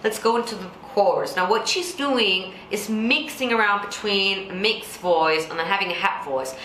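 A woman vocal coach with a low contralto voice, explaining technique and breaking into sung examples. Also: pushed and bright, a little hiss or hum. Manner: explains then sings example lines. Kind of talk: singing tutorial with sung demonstrations. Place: Singapore. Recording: echoey room with faint music.

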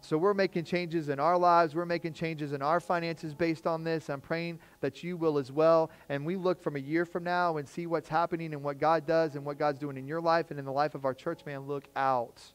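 A man's voice: fairly high pitch, normal speed, few pauses, smooth, soft background music. Casual storytelling pastor, man. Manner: storytelling with lively acted quotes, casual slang. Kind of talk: sermon. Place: church.

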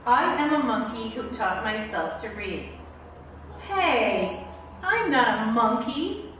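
A woman principal reads a silly book aloud to her students, breaking into playful, exaggerated mock dismay. Her voice sits high and swoops widely, and she takes her time. She is heard from across a strongly echoing room, over a faint hiss. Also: very animated, slow. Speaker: elementary school principal. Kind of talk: reading a children's book aloud. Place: school building. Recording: very echoey room, voice far from mic, faint hiss.

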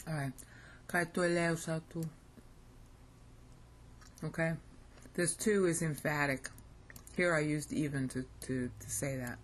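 A woman's voice: sits low, slight background noise. A woman with an American accent giving an informal recorded lesson, thinking aloud and often checking in with "okay?". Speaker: language teacher.

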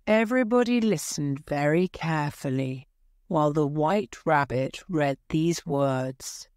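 A woman teacher reading a graded story aloud for English learners, clear and careful. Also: low voice, takes it slowly, a little mellow, dry recording, clean studio sound. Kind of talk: slow scripted story narration for learners.

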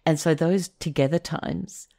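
A woman's voice: low voice, fairly even intonation, a little slow, gravelly, warm tone. A middle-aged woman, hosting a podcast and chatting casually with many fillers. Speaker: podcast host. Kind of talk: casual conversation.

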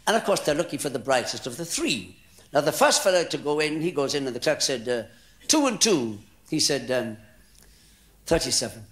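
Bright-voiced older Irish comedian. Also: male voice, mid-range voice, expressive, brisk. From Ireland. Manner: lilting, theatrical joke-telling with sudden loud punchlines. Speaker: stand-up comedian. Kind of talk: live stand-up storytelling. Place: hotel function room with live audience. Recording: roomy live hall with crowd.

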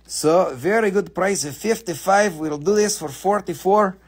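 A man's voice: high voice, measured pace, slightly rough. Joking, foul-mouthed man hosting a sale. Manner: joking, profane banter with playful put-on accents. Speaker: host of a live rock and mineral sale. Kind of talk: casual live sales stream.

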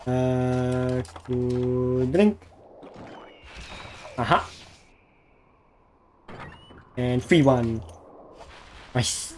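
A male game streamer chatting casually to himself as he plays, easily excited and talking to the monster on screen. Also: mid-range voice, drawn-out words, a little hiss or hum. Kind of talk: casual live gameplay commentary.

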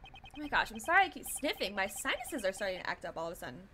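Young woman streamer, giggly and chatty, bright lively voice, reads game lines aloud. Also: medium pitch, racing, a little hiss or hum. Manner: playful, giggly, chatty commentary. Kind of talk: playing a visual novel and reading its lines aloud.

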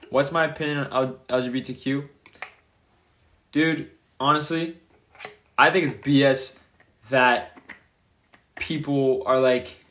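A man's voice: medium pitch, a bit bright. Young guy rambling on a phone live, answering comments, loose and chatty, voice right in the middle. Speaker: streamer answering viewer comments. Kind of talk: casual livestream chat.

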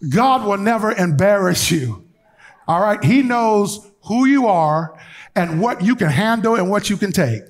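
Animated, fairly high-voiced male preacher. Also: unhurried. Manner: animated storytelling with colloquial asides to the congregation; shifts between loud lively telling and quiet, hushed urging. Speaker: bishop preaching to a congregation. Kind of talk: sermon.

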